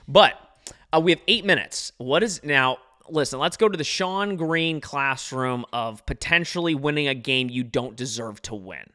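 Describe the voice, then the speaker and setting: A young man hosts a live watch-along podcast, nervously reacting to a football game and replying to viewers in the chat. His voice is fairly high and moves at a moderate pace. He comes across as anxious and excitable, speaking straight to the people reading along.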